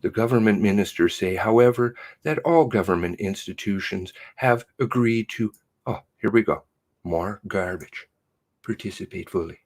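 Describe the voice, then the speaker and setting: A man hosting his own channel, reading out a news release in a furious, swearing rant that swings from shouts to hushed mutters. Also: on the low side, moderate pace. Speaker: channel host.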